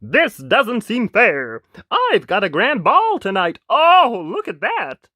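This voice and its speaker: A woman's voice: medium pitch, huge pitch swings, slow, sharp tone, no echo, studio quality, voice pushed up, heavily acted. A woman voicing a vain, sulky young prince in a storybook, drawn out and dramatic.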